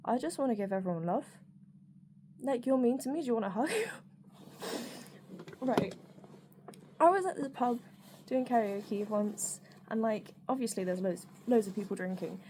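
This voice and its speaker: A woman's voice: fairly high pitch, lively intonation, moderate pace, pauses often, warm tone. A woman talks through her thoughts in a loose, off-the-cuff vlog monologue. She rambles and restarts often, drops in casual swearing, and keeps it frank, with faint background noise. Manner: rambling and candid, with frequent fillers, swearing and laughter. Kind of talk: personal reflective monologue.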